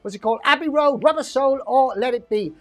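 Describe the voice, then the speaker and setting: A woman's voice: high-pitched, a little fast. A woman hosting a live online pub quiz, chatty and rambling, reading out questions and options and laughing often at herself. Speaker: quiz host.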